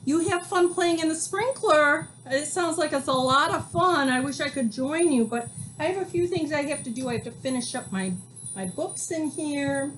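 A woman hosting a program for young children, reading a picture book aloud in a sing-song, animated way and explaining words as she goes. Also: on the high side, slight background noise.

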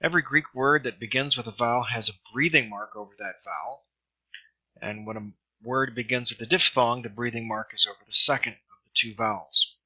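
Bright-voiced male teacher, lo-fi. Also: medium pitch, vocal fry, husky. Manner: slow, careful pronunciation drills. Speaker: Greek teacher. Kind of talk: recorded lesson voice-over. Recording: dull lo-fi screen recording.

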